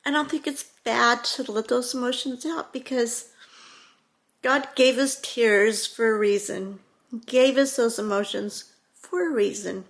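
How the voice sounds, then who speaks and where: A woman's voice: a little high, a little slow. A middle-aged woman talking casually to her viewers from home, rambling with lots of "you know" and restarts. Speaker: vlogger. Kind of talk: casual talking-to-camera vlog. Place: at home, indoors.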